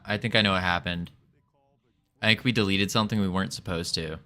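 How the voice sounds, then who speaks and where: Talking fast in a low, steady, sharp-toned voice, a man live-streams his game development. He mutters while reading code and makes fun of himself, keeping the commentary casual.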